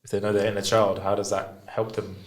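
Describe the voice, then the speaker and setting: A man's voice: fairly low pitch, level tone, a little fast. A man hosting a candid personal conversation, talking openly and frankly and swearing casually. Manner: open and frank, swears freely. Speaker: podcast host.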